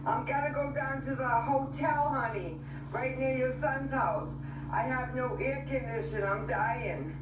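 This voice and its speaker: A woman's voice: high-pitched, unhurried. Pleading older woman on an echoey, noisy stream. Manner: whiny, pleading, complaining. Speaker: livestreamer asking for money. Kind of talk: pleading livestream chat. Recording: echoey, noisy, far from the mic.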